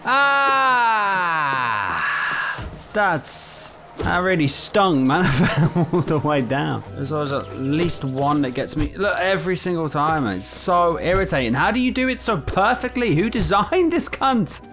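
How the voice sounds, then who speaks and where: A man giving foul-mouthed, excitable let's-play commentary over a video game. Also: high voice, unhurried. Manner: profane, excitable reactions. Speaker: gaming YouTuber. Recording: game music playing loudly underneath.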